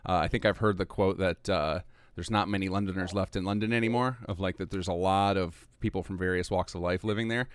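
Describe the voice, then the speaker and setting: Deep-voiced male podcast host, chatty. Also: fairly even intonation, brisk, few pauses, smooth. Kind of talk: casual podcast interview.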